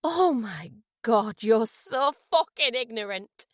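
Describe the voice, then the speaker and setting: A woman voicing a fiery young female opera singer shouting in a rage, in a storybook reading. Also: lively intonation, takes it slowly, dry recording, clean studio sound. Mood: scornful. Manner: shrill shouting.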